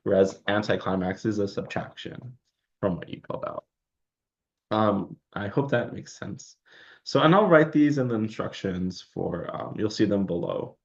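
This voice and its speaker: A man's voice: fairly low pitch, animated, moderate pace, highs cut off. A young man teaching a poetry lesson in a loose, rambling way, full of ums and restarts, recorded at home. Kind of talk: casual recorded lecture. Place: home room by a window.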